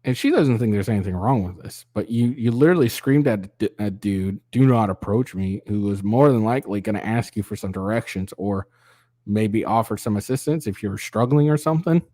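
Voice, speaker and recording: A man's voice: lowish voice, expressive, fairly quick, dark tone, dry recording. Male commentary host, mocking and profane, dry close sound. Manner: mocking, profane, mimics voices. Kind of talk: sarcastic reaction commentary.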